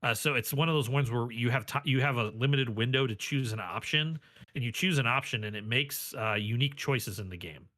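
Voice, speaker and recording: A man's voice: mid-range voice, brisk, sharp tone, no room sound. A man co-hosting a podcast, chatting casually and enthusiastically, cracking jokes. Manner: enthusiastic, jokey. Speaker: podcast co-host. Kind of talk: casual chat.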